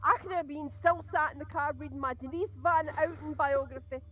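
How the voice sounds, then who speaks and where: A woman ranting and swearing loudly in character during a tabletop role-play game. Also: sits high, fairly even intonation, brisk, lo-fi sound. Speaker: player.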